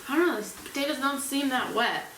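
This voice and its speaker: A woman's voice: sits high, expressive, fairly quick, a bit bright, recorded from a distance, a little hiss or hum. Chatty woman cooking in an echoey kitchen. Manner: chatty, unsure, self-deprecating while working. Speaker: cooking vlogger. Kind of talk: casual cooking vlog. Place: home kitchen.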